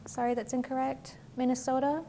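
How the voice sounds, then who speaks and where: Woman moderating a quiz, slightly high voice. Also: level tone, mellow, a little hiss or hum. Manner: measured and formal, with filler "um" between questions. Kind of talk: reading quiz questions and rulings.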